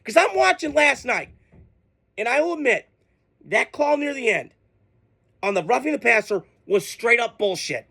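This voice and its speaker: Guy ranting about football, high gravelly voice, swears a lot, super exasperated. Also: very animated, normal speed, pauses often, bright, forceful tone. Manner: heated, profane, exasperated outbursts. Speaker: sports podcast host. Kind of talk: casual ranting commentary.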